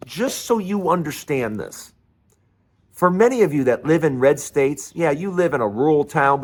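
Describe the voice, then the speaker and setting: A man hosting his own show in an angry, sarcastic political rant, sometimes mocking others in put-on voices. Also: on the high side. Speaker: host.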